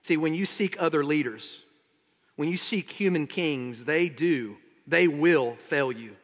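Pastor guy giving a sermon, kinda high voice, long reverb like a big church. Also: a little slow. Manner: conversational preaching, reads aloud at length.

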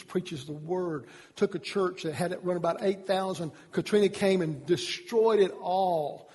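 A man's voice: a little high, darkish tone, husky, big-room sound. A middle-aged man from Georgia with a Southern accent, preaching an earnest sermon as pastor, restarting his words often. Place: church sanctuary.

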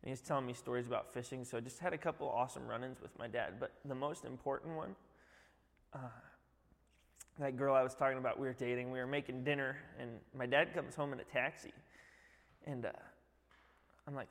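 A man's voice: medium pitch, steady tone, brisk, creaky, in a large hall. A man, a youth director, giving a heartfelt church testimony, rambling with many fillers.

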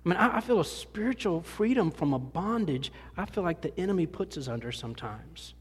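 Preacher guy, kinda high voice, chatty and self-mocking, lots of restarts, echoey church hall. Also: animated, brisk, husky. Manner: folksy and self-deprecating, rambling with many restarts. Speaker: pastor. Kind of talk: conversational sermon. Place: church sanctuary. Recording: long hall reverb.

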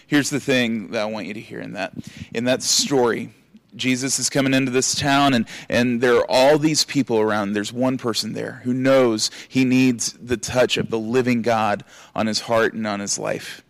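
Pastor giving a lively sermon, dry close sound. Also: male voice, mid-range voice, moderate pace, no room sound. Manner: animated, acts out scolding and encouraging voices.

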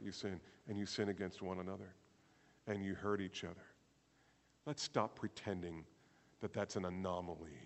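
A man preaching a sermon at a church service, animated, firing rhetorical questions and swinging between loud emphasis and quiet asides. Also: fairly low pitch. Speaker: pastor. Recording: long hall reverb.

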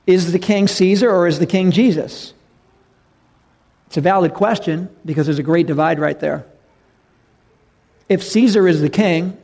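A man preaching a sermon as pastor, earnest and emphatic, rising to loud calls. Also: on the high side.

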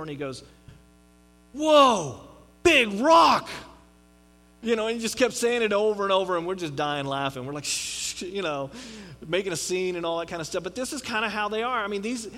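A man's voice: sits high, rough recording. A man reading scripture aloud and explaining it in a casual, chatty teaching style, now and then acting out little voices. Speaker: pastor. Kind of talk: conversational Bible teaching.

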